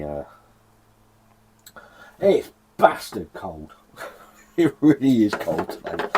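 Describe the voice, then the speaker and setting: A man's voice: low-pitched, a little mellow, slight background noise. A man from England casually reviewing a beer in a cold shed, chatty and sweary, rambling with self-deprecating laughs. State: shivering from the cold.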